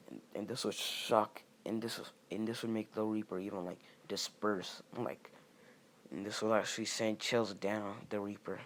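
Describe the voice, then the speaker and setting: Brief: low-voiced young man rambling through a fan fiction story, faint hiss behind. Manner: rambling, halting, many fillers and restarts. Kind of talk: improvised fan fiction narration.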